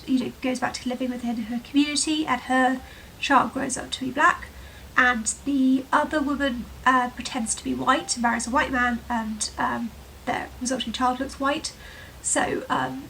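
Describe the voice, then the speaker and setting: A woman's voice: sits high, gravelly, pushed and bright, recorded from a distance, a little hiss or hum, low-quality recording. A woman from England with a shifting English accent, chatting casually to camera, full of fillers. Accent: mixed English, with touches of Herefordshire, London and Welsh. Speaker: vlogger. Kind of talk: casual rambling chat to camera. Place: room at home with sunlight coming in.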